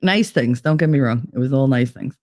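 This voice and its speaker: A woman's voice: extremely low pitch, brisk, warm tone. A middle-aged woman chatting casually on a live stream, rambling with laughs and fillers from a room with bare walls. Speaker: live streamer reading chat. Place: sparsely furnished room with bare walls and no curtains.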